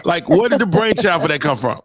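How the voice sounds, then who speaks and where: A man's voice: a little high, lively intonation, fairly quick, crowd noise. A man hosting a comedy podcast, joking and teasing his guests in casual banter. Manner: joking, teasing, drops into sing-song lines. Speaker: podcast host.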